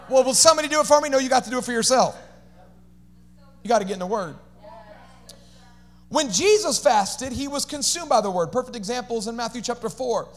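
A pastor preaching an energetic sermon, calling on the congregation to repeat phrases and dropping casual slangy asides. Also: male voice, extremely high pitch, a little fast, long pauses. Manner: animated preaching with call-and-response to the congregation.

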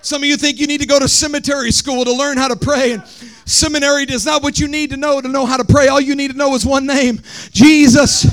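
High-voiced preacher man, shouting and singing. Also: level tone, quick pace. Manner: preaching, shouting and half-singing in rises, then dropping soft. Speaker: pastor. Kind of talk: sermon.

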